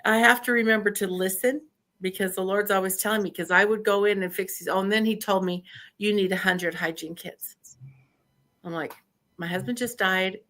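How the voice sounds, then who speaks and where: An older woman from Idaho, a podcast guest, telling stories in casual chat, animated, acting out what people said and laughing often. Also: medium pitch, fairly quick. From Idaho, USA. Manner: animated storyteller who laughs often and acts out quotes. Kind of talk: casual storytelling interview.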